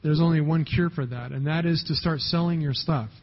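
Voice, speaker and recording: Brisk and fairly high in pitch, a male pastor talks through his sermon conversationally, often checking in with the congregation. The recording quality is dull and lo-fi.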